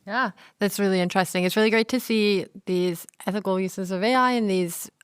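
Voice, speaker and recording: A woman hosts a conference interview in a smooth, resonant voice with friendly, measured questions. The sound is dry and close, with no room around it. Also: medium pitch, no echo. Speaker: podcast host.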